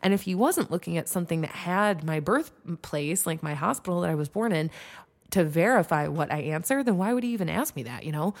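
A young woman from Michigan hosting a podcast, telling a story in a chatty, animated way full of "like". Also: on the low side, brisk. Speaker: podcast host. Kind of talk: casual storytelling.

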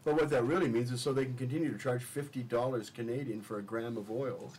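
A man's voice: medium pitch, fairly even intonation, quick pace, few pauses, a little mellow, a little hiss or hum, low-quality recording. A man talking as a studio guest in casual talk-show chat, enthusiastic and rambling, repeating words as he restarts his sentences.

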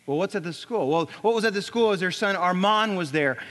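Male pastor, sermon storytelling, high voice, long hall reverb. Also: a little fast. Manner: dramatic, drops to a hushed near-whisper.

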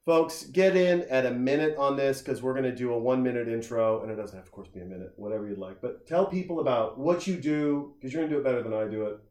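Brief: casual male podcast host, mid-pitched and rambling, echoey room. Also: quick pace, hardly any pauses, darkish tone. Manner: rambling storyteller, many restarts and filler words. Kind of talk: casual chat.

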